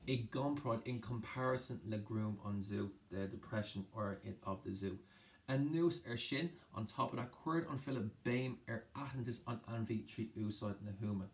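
A man's voice: fairly low pitch, normal speed. A man with an Irish accent teaching an exam-prep lesson, explaining a poem line by line, switching between Irish and English with frequent restarts.

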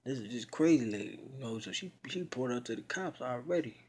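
A man's voice: mid-range voice, animated, fast, a little mellow, slight background noise. A young man casually retelling a story in a rambling, slangy way, cursing freely. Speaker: video blogger.

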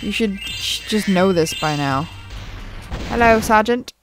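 A woman's voice: lowish voice, a little slow, music in the background. A young woman giving casual, jokey gameplay commentary, chatty and sprinkled with swearing. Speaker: let's play streamer.

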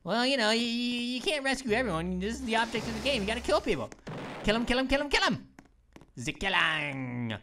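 An excitable cartoon grape, voiced by a woman gives let's-play commentary and bursts into cartoonish exclamations. The voice sits fairly high and swoops all over with lively energy. A faint noise hums behind it. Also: brisk. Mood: excited. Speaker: gaming channel host.

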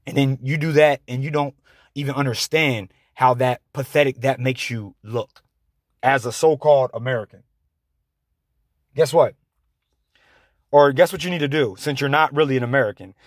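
A man delivering an angry, confrontational rant to his viewers, halting often on fillers. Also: mid-range voice, no echo, clean studio sound. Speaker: vlogger.

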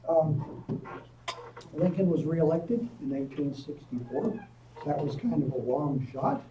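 A man's voice: on the high side, slow pace, highs cut off. Man lecturing in an echoey room. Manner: lively storyteller with offhand asides. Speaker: professor giving a public lecture. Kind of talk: history lecture. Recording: echoey room, distant mic, faint noise.

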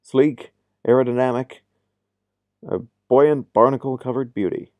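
A man voicing a pushy, fast-talking male ship salesman with eager sales patter, read aloud over a video game. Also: mid-range voice, fairly even intonation, no room sound, lo-fi sound, natural voice.

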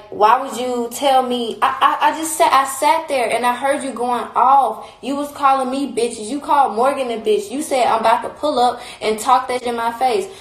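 A woman's voice: medium pitch, reverberant, low-quality recording. A young woman on a phone live stream, talking in a heated, blunt and repetitive way, with frequent swearing. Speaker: livestreamer. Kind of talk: casual livestream rant.

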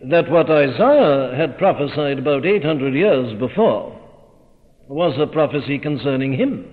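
A man preaching in a slow, stately, measured way that swells with force at moments. His voice sits fairly high and carries a long hall reverb. The recording is thin and phone-like, as from an old church tape. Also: slight background noise. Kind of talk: sermon. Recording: tinny narrow-band recording in a reverberant hall.

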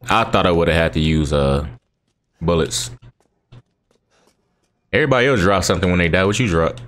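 A man with a deep voice runs his gaming channel, talking at a moderate pace over his gameplay. He keeps up relaxed, slangy banter and talks back at the game.

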